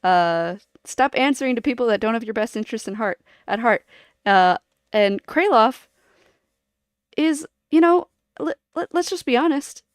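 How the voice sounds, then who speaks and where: A woman's voice: on the high side, moderate pace, clean tone, no room sound. Chatty woman streaming, giggles a lot, rambles all over, dry close mic. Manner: rambling, giggly, animated, jumps between topics. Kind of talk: casual stream chat.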